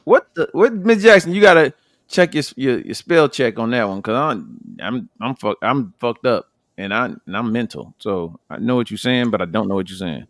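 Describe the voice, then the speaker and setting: A man co-hosting a casual podcast, telling stories in an animated, profane way with loud bursts. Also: medium pitch, normal speed, no room sound, studio quality. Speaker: podcast co-host.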